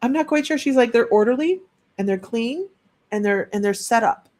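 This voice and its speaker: A woman's voice: a little high, animated, normal speed, a little mellow. A woman working as a psychic medium, giving a chatty live-streamed reading and relaying messages with frequent restarts.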